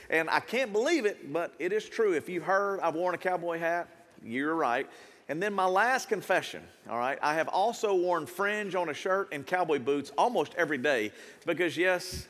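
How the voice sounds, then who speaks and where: A middle-aged man, preaching a jokey, animated sermon as a pastor. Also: fairly high pitch. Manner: animated, jokey, hypes the crowd. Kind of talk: lively sermon. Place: church auditorium.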